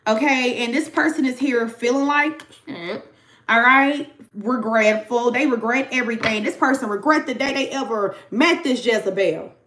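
A woman's voice: on the high side, moderate pace, fairly bright tone, poor audio. A young woman giving a casual tarot reading to her viewers, chatty and slangy, talking straight to the audience. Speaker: tarot reader.

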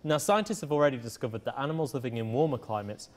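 A young man co-hosting a student science show, reading science news in a measured, earnest way. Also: mid-range voice. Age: young adult. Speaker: co-host called Prof.

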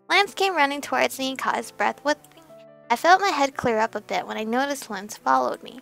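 Woman, game streamer, reading a story game aloud, giggly asides, high bright voice, dry close mic. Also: lively intonation, a little fast, creaky, dry recording, soft background music.

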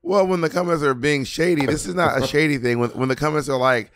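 A man's voice: on the high side, fast talker, few pauses. A man co-hosting a podcast in casual chat, telling stories with lots of acted-out quotes and crude, teasing banter. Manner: animated storytelling, acts out quotes, crude banter. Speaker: podcast co-host.

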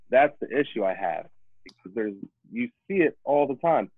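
A man's voice: mid-range voice, expressive, a little fast, breathy edge, dry recording. A man who is a personal trainer, a podcast guest talking emphatically in casual conversation and acting out examples in other people's voices. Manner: emphatic, repetitive, acts out examples. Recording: tinny phone-like line, dry.

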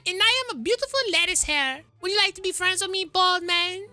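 A man doing a shrill, sassy girl player. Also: expressive, a little fast, bright, forceful tone, no echo, heavily acted. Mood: mocking. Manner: taunting, insulting. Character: sassy young female player, mocking and haughty.

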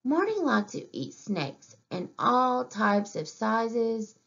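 A woman reading a picture book aloud to young children in an expressive way, asking questions and pointing at the pictures. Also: on the high side, takes it slowly, vocal fry. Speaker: preschool teacher. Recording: dull lo-fi recording.

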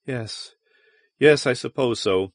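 A man voicing a calm, steady woman ship captain in an audiobook reading. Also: mid-range voice, takes it slowly, no room sound, clean studio sound. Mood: resigned. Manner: clear and steady.

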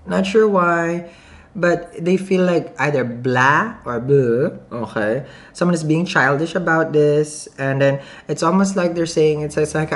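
A woman with a foreign accent talks straight to camera through a tarot reading. She is chatty and giggly and thinks out loud, restarting her sentences often. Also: deep voice, lively intonation, normal speed. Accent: non-native English accent. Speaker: tarot reader.

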